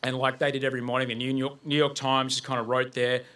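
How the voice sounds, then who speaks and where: Bright-voiced man telling his story. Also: mid-range voice, flat delivery, quick pace. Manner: vivid storyteller, acting out his own panic. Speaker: guest speaker. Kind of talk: personal story told on stage.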